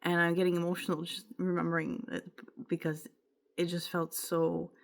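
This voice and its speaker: A woman's voice: fairly low pitch, level tone, normal speed, gravelly. A young woman from Quebec with a Quebec French accent, telling a rambling, emotional personal story in a casual vlog. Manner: rambling, emotional, with filler words and self-interruptions. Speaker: vlogger.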